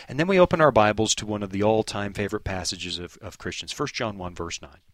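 A man's voice: lowish voice, quick pace, fairly bright tone, no echo. A man answering listener questions in a preaching style, earnest and emphatic, quoting scripture and telling stories.

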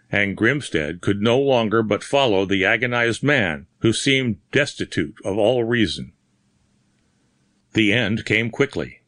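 A man's voice: lowish voice, a bit bright, no echo. A man steadily reading a pulp horror story aloud as narrator.

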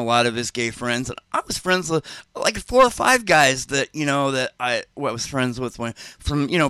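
Male storyteller, rambling and casual, slightly high, bright tone. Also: clean tone, no echo. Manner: rambling, full of "like" and "you know". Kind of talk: casual anecdote.

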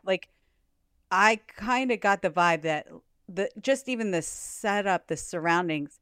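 A woman's voice: mid-range voice, measured pace, fairly bright tone, clean tone, dry recording, studio quality. A woman guest on a podcast, talking through reality TV scenes in a thoughtful, rambling way with wry asides. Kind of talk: casual recap chat.

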